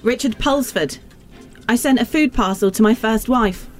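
A woman's voice: on the high side, moderate pace, soft background music. A woman co-hosting a radio show, teasing in casual banter and reading out jokes dryly. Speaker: radio co-host. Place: radio studio.

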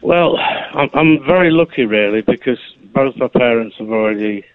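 A man calling into a radio phone-in, talking in a hesitant, low-key way with many fillers, sounding tired. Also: animated, moderate pace, no room sound. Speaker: caller. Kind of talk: phone-in call. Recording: tinny dry phone line.

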